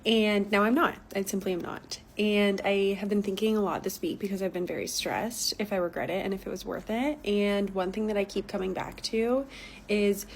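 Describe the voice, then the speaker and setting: A woman's voice: medium pitch, fairly even intonation, normal speed, a little hiss or hum. A woman who left her corporate job, talking candidly and reflectively. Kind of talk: reflective vlog.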